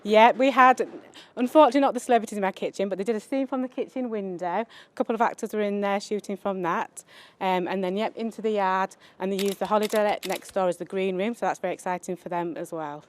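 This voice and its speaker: A woman's voice: medium pitch, fairly even intonation, quick pace, a little hiss or hum. Brief: female local shopkeeper, chatty vox pop. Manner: cheerful, with ums. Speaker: local shop owner interviewed.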